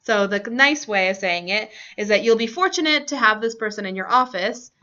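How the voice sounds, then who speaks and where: A woman's voice: mid-range voice, expressive, fairly quick, pushed and bright. A woman teacher leading a classroom lesson, asking students questions and laughing often. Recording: dull lo-fi classroom recording.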